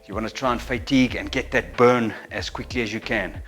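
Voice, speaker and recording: A man's voice: mid-range voice, steady tone, a little fast, a bit bright. A middle-aged man coaching an exercise routine, counting reps and breathing audibly, a little out of breath during the sets. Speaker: fitness instructor. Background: faint music.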